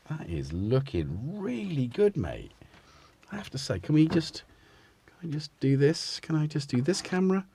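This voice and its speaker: A man's voice: a little high, huge pitch swings, unhurried, darkish tone, husky. A man hosting a casual live stream from his home music studio, rambling and chatting to his cats as he goes. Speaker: livestream host.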